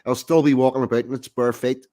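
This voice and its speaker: A man's voice: medium pitch, little pitch movement, warm tone. Male co-host, casual banter, punchy one-liners. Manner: quick one-liners and short replies. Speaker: podcast co-host. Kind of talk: casual banter, reading chat comments.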